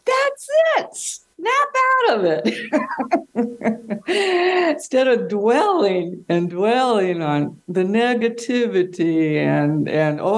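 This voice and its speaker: Woman guest, low voice, talks slow, laughs a lot. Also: gravelly, darkish tone. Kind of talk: casual interview talk.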